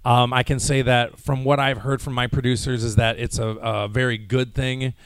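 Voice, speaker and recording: A jet-lagged American man talks through a fan's question in a loose, rambling way, full of fillers and restarts. His voice sits at an ordinary middle pitch. The sound is dry and close, with almost no room echo. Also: flat delivery, normal speed, clean tone. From United States. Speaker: voice actor answering fan questions at a convention panel. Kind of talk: casual panel Q&A.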